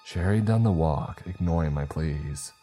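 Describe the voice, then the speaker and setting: A man reading a first-person horror story in a measured, low-key way. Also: dark tone, faint music behind.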